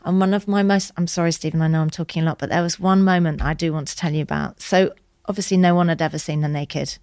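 A woman guest telling an emotional personal story in a candid, chatty way, acting out quoted lines with soft whispers. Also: sits low, fairly even intonation, fast, dry recording.

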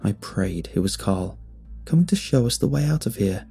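A man narrating a first-person horror story in a tense, measured way. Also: lowish voice, animated, gravelly, warm tone, breathy edge. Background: faint music.

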